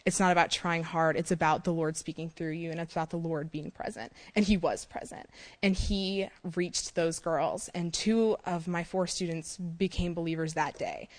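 A young woman giving a personal faith testimony, talking quickly and excitedly, laughing often, with many "like" and "um" fillers. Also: on the low side. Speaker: short-term mission trip speaker.

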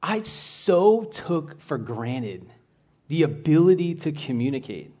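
A man's voice: a little high, sing-song, slow pace, warm tone. A man giving a casual, conversational sermon to a church group, rambling a little with asides and restarts. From United States. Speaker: church speaker.

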